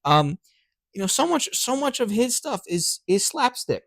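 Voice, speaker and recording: A man co-hosting a podcast in casual chat, animated and laughing often, sometimes slipping into character voices. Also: very high-pitched, measured pace, vocal fry, no room sound, studio quality. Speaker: podcast co-host. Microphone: podcast microphone.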